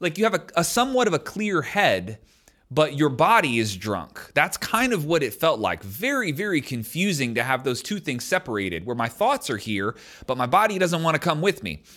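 A man's voice: a little high, big pitch swings, moderate pace, sharp tone. A man in his thirties telling a personal story in a loose, conversational way, full of "like" fillers. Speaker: storyteller sharing a personal experience. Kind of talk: casual storytelling to camera.

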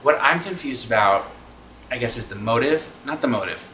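A man's voice: mid-range voice, expressive, moderate pace, pushed and bright, slight background noise. A man co-hosting a podcast, rambling casually and thinking aloud with many restarts. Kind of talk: casual chat. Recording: echoey room.

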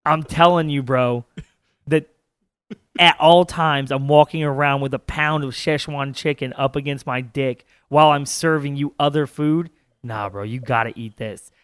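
A man co-hosting a casual comedy podcast, telling profane, animated stories full of acted-out quotes. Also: medium pitch, normal speed, smooth, no echo, clean studio sound. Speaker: podcast co-host.

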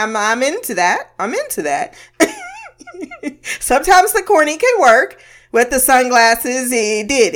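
A woman's voice: on the high side, fairly bright tone. A woman giving a casual, blunt recap of a TV episode, swearing freely and laughing often between remarks. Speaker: TV episode reviewer.

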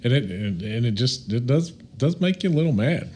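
A man co-hosting a casual podcast chat, halting and often restarting his sentences as he tells a story. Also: mid-range voice, animated, warm tone, slight background noise. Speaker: podcast co-host.

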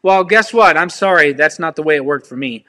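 A man's voice: fairly high pitch, lively intonation, brisk, bright, forceful tone. A man preaching informally, sharing personal testimony in an earnest, pleading way and speaking straight to his listeners. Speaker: ministry speaker.

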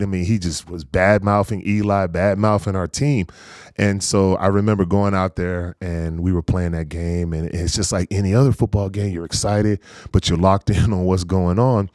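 A man in his forties from North Carolina, a former pro football player, telling stories in an easygoing, animated way in an interview. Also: low-pitched, normal speed, no echo, clean studio sound. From North Carolina, USA. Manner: easygoing, animated anecdotes with frequent laughs. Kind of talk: casual storytelling interview.

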